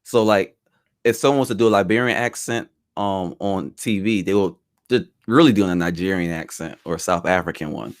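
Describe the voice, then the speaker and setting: Thoughtful man with a lower voice. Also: brisk. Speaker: podcast co-host. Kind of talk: casual banter.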